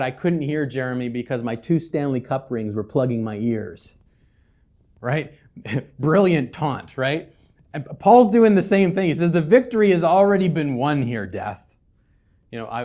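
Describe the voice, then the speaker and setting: A man preaching a sermon as pastor, swinging between loud, emphatic scripture reading and quiet, conversational asides with humor. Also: medium pitch. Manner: conversational, with casual fillers and humor.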